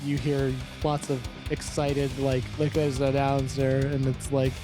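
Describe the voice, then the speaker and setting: A man's voice: medium pitch, monotone, measured pace, over music. A man narrating as game master of a tabletop game, rambling with lots of fillers and laughs.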